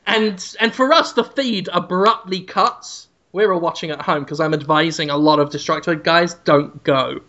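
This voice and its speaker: A male podcast host with a bright, sharp voice who rambles through a deadpan, absurd story. His telling is loose and improvised. The audio is dull and lo-fi. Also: sits high, moderate pace, hardly any pauses.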